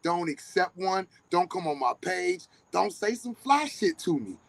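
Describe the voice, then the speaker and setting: A high-pitched man with a rough, gravelly edge and a husky grain. His delivery is intensely energetic and confrontational, full of emphatic cursing. He swings his pitch widely as he drives each point home. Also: unhurried, poor audio. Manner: high-energy, passionate, profane. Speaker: live-stream host. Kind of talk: heated casual monologue.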